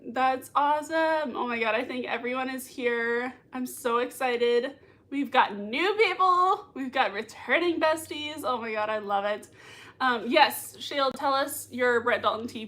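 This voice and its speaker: A woman's voice: a little high, a bit bright. A woman hosting a livestream from home, reading out viewer comments and gushing over them with lots of giggles. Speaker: livestream host. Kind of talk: live chat reading. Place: home room.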